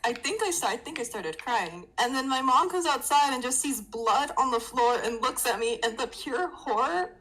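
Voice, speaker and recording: A woman's voice: high voice, animated, normal speed, hardly any pauses, fairly bright tone, rough recording. A woman guest on a casual podcast, telling a self-mocking childhood story with laughter.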